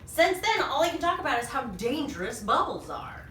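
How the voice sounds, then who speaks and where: A woman reading a picture book aloud to young children, animated and full of sing-song questions, in a small echoey room. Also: a little high, fairly quick, far from the mic, slight background noise. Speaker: children's storyteller.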